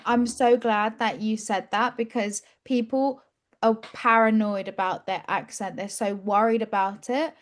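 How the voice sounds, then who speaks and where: A woman's voice: medium pitch, fairly even intonation, measured pace. A woman English teacher hosting an interview, asking questions and encouraging her guest emphatically. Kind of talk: casual interview.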